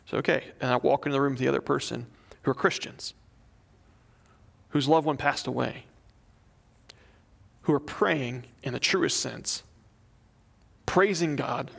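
A man's voice: mid-range voice, unhurried, vocal fry, pauses often, a bit bright. A young adult man preaching a sermon, reading a prayer aloud and telling a story in an earnest, conversational way. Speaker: pastor.

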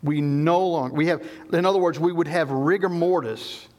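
The middle-aged preacher, from the American South, speaks on the high side with a darkish tone and moderate pace. His sermon explains scripture with emphasis, and he keeps restarting sentences.

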